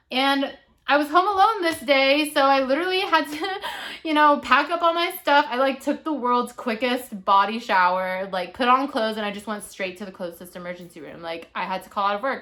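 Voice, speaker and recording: Bright-voiced chatty young woman. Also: on the high side, moderate pace. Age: 20s. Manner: chatty, animated, lots of "like" and "you know". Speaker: vlogger. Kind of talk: casual storytime monologue.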